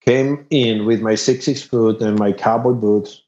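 A man from Spain with a thick Spanish accent, a musician chatting casually, halting and repeating words, laughing often. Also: fairly low pitch, fairly even intonation, a little mellow. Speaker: musician guest. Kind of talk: casual podcast chat. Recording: roomy, dull lo-fi recording.

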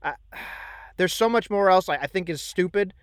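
A man with a high-pitched voice rants at length in casual podcast chat, swearing and hammering his points home. The sound is dry and close, with no room in it. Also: moderate pace, smooth, no room sound. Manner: ranting, profane, emphatic. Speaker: podcast co-host.

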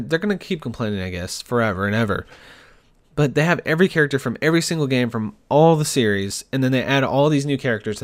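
A young man hosting a solo podcast, excitable and ranting, swearing often and laughing between lines. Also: mid-range voice. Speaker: podcast host.

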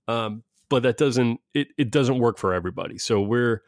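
A man's voice: medium pitch, normal speed, dry recording, clean studio sound. A middle-aged man and father talking casually, rambling with frequent restarts and laughs. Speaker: parent discussing schooling. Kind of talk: casual conversation.

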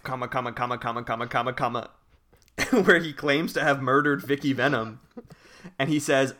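Bright-voiced man telling a story. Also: medium pitch, fairly even intonation, normal speed. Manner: reads forum posts aloud, breaking into laughter. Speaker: podcast co-host telling a story. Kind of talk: casual podcast storytelling.

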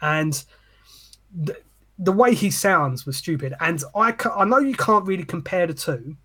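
Guy on a podcast, kinda husky, bit high, swears a ton, goes off on a rant. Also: unhurried. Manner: animated, sweary, ranting. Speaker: podcast co-host. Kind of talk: casual chat.

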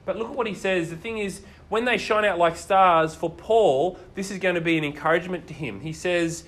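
Male preacher, high voice, lively storyteller. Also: a little fast. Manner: animated storytelling, asks the listeners questions. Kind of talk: sermon.

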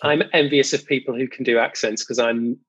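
A man, a jingle company owner, chatting as an interview guest in a modest, halting way with many ums. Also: medium pitch, fairly even intonation, fairly bright tone, breathy edge, muffled recording. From United Kingdom. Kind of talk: casual interview chat.

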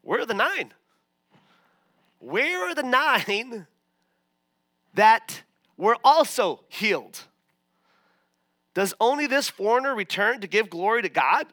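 A man's voice: very high voice, big pitch swings, slow, long pauses, bright, forceful tone, no room sound, studio quality, voice pushed up, exaggerated voice. A man voicing Jesus, asking pointed questions in a sarcastic tone. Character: Jesus, calm adult man, gently sarcastic.

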